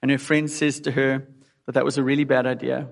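A man's voice: mid-range voice, little pitch movement, a little fast, creaky. A man preaching a sermon in an earnest way, putting direct questions to his listeners. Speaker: pastor. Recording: long hall reverb.

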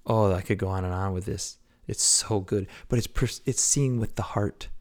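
A man preaching a devotional podcast sermon, earnest, swinging between loud exhortation and hushed whispers. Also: on the low side, moderate pace.

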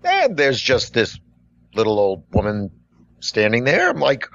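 A man's voice: medium pitch, a little slow, vocal fry, no echo. A middle-aged man with a mid-range voice spins a story from his job in casual conversation. He rambles, stacking up "like"s and false starts. The recording is dull and lo-fi. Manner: rambling, full of "like" and restarts, animated. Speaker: podcast co-host and coffee shop worker.

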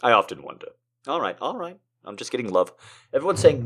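A man reading poems aloud and joking between them, moving from slow dramatic recitation to fast, excited, profane banter. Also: medium pitch, breathy edge. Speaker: poetry reader. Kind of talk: casual poetry reading with commentary.

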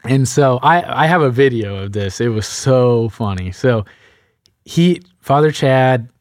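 Animated young man telling a story. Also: medium pitch, measured pace, no echo, studio quality. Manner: animated, laughing, acts out quoted voices. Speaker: priest telling a seminary story. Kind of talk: casual storytelling chat.

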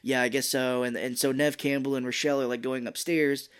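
A woman's voice: rumbling low, little pitch movement, brisk, clean tone. A woman co-hosting a podcast, casually retelling a film scene by scene, swearing freely and acting out quotes. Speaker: podcast co-host. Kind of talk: casual movie recap chat.

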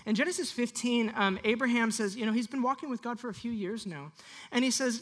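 A pastor preaching to a church congregation, animated and leading the room in call-and-response. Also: medium pitch, brisk. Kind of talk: sermon.

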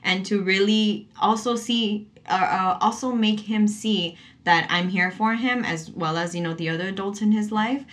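A young adult woman chatting casually about parenting, telling stories in an animated way and laughing often. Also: medium pitch, normal speed, hardly any pauses. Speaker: mother on a parenting talk show. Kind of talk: casual conversational chat.

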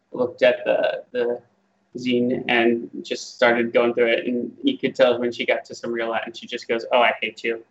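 Photographer dude chatting, laughs a lot, acts out quotes, muffled lo-fi sound. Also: male voice, medium pitch. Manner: laughs often, quotes others animatedly. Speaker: guest photographer. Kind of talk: casual chat.

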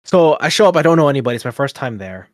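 A man rambles through a casual anecdote. He talks in a middle-pitched voice, acting out what people said. The recording is close and dry. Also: racing, dry recording. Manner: rambling, animated storyteller with many fillers and quoted asides. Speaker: podcast co-host. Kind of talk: casual storytelling chat.

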